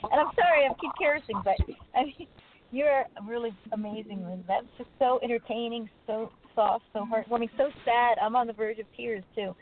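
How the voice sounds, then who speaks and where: A woman's voice: on the high side, normal speed. A woman co-hosting a poetry show, gushing with praise and cursing freely in casual chat. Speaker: co-host. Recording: tinny phone line with faint hiss.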